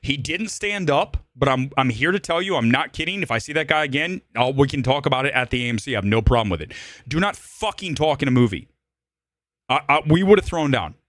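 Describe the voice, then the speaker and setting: An animated man hosting a live movie talk stream, ranting profanely as he tells a story. His pitch swings widely and leaps high whenever he gets heated. The sound is close and dry, with no room around it. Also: brisk, no room sound. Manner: jumps into high shouts when worked up. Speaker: host.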